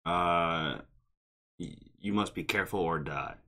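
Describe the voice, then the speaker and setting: A man's voice: deep voice, unhurried, pushed and bright. A man who is a podcast guest, playful and eager. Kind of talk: casual chat.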